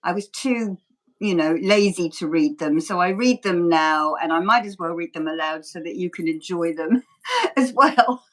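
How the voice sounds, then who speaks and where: Her voice is low and a bit bright, expressive and moderately paced. She's appearing by video call as a guest, an ASMR creator and Reiki healer, rambling in a laid-back interview, laughing frequently and making self-deprecating jokes.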